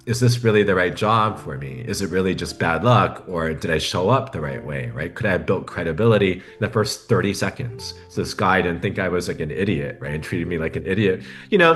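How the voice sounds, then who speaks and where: A man's voice: deep voice, a bit bright. A man as a podcast guest, talking reflectively and often checking in with the listener. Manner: reflective, often adds a tag question. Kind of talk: conversational interview.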